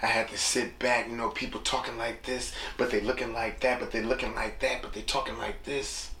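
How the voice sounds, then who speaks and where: A man's voice: medium pitch, little pitch movement, fairly quick, sharp tone, reverberant, slight background noise. A young man hosting a casual solo podcast, talking in a loose, rambling, reflective way and leaning on repeated catchphrases. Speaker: podcast host.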